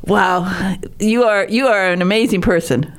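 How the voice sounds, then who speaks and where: A woman's voice: mid-range voice, measured pace. Effusive woman hosting a writing show. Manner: effusive, gushing, stumbles and restarts often. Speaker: podcast host. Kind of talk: warm chatty interview.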